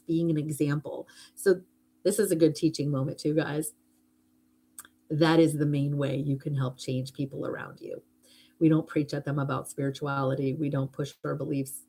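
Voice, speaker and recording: A woman's voice: low-pitched, darkish tone. A middle-aged woman hosting a live stream, chatting casually and heartfeltly, rambling a little and thanking viewers for gifts.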